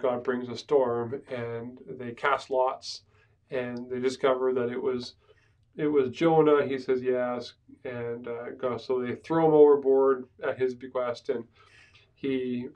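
A man's voice: medium pitch, fairly even intonation, measured pace, mellow, muffled recording. A man, a pastor, teaching a Bible survey class in a conversational way, often checking in with "right?". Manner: conversational, with frequent "right?" asides and restarts. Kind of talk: casual classroom lecture. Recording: speaker far from the mic.

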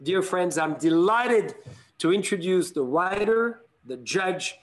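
A man hosting a live video interview, effusive and flattering in a theatrical way. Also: sits high, slow, noisy background. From France. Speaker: host.

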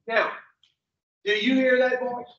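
Man, unpolished motivational speaker, talks slowly and bluntly, swears, recording is dull and lo-fi. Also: extremely high pitch, level tone, fairly bright tone. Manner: blunt and preachy, asks the room questions, swears. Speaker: speaker addressing rehab patients. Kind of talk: motivational talk to a group. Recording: echoey, distant, dull lo-fi sound.

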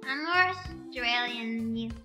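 A woman's voice: on the high side, lively intonation, unhurried, over music. A tipsy woman streamer chatting casually and giggling, tossing in mock slang. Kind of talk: casual chat on a karaoke stream.

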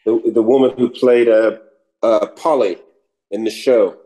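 Middle-aged New comic, chatty, animated raconteur. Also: male voice, on the low side, a little slow, rough recording. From New York. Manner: animated storyteller, slips into mock British voices. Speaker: actor and comedian guest. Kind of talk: casual interview chat.

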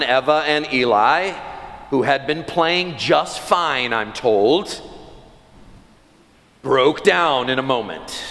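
A man's voice: on the high side, fairly bright tone. A man in his thirties preaching a sermon as pastor into a church microphone, telling stories and acting out his children's voices. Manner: storytelling, acts out children's voices. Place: large church sanctuary. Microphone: church sound system mic. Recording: long church hall reverb.

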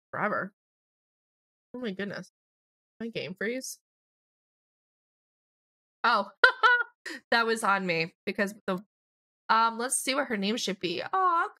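A young woman hosting a casual let's play, chatting through her game and voicing quick lines for her characters. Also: medium pitch, fairly bright tone, no room sound. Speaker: gaming channel host.

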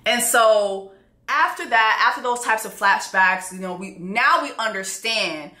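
A woman recapping a TV show in a brash, animated manner, swearing freely as she goes. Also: a little high, unhurried. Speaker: show reaction host. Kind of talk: profane TV recap commentary. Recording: echoey room.

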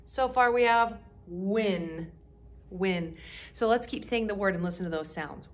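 A woman teaching a kindergarten music class, talking slowly and clearly to small children and encouraging them to join in. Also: mid-range voice, slight background noise.

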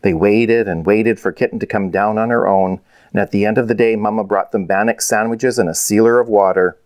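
A man, the author, reading his children's storybook aloud in a measured, clear way. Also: on the low side, fairly even intonation, darkish tone, no room sound.

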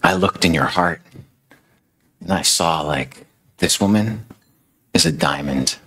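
A man's voice: sits low, slow, bright, forceful tone, exaggerated voice. A man voicing a loving, overjoyed male savior who speaks tenderly and reassuringly.

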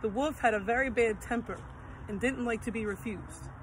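A woman's voice: fairly high pitch, moderate pace, slight background noise, low-quality recording. Woman reading a children's story aloud.

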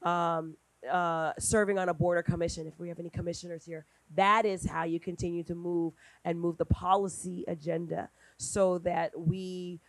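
Animated woman speaking on a panel. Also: moderate pace, hardly any pauses, no echo. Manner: animated, acts out quoted dialogue with big pitch jumps. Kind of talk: conversational panel talk. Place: event hall at a brunch.

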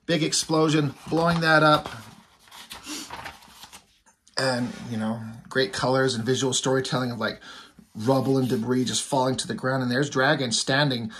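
Husky-voiced man rambling about comics. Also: mid-range voice, a bit bright. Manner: rambling, filler-heavy. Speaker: comic book reviewer. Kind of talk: casual comic recap.

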